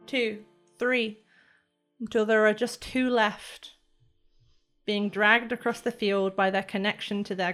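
Slow, dramatic woman game master. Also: medium pitch, a bit bright. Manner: dramatic, measured storytelling. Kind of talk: narrating a tabletop game.

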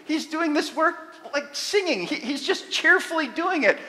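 A man delivers a sermon with a bright, high voice that carries through a hall with long reverb. He preaches with animation and builds to loud emphasis on his main points. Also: expressive, normal speed. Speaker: pastor.

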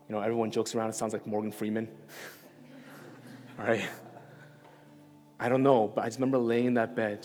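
A man giving a sermon, telling a personal story in a casual, conversational way and often checking in with "right?". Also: lowish voice. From New York. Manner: conversational, self-deprecating storytelling with frequent "right?". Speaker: preacher. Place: church hall. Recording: reverberant hall with soft music.

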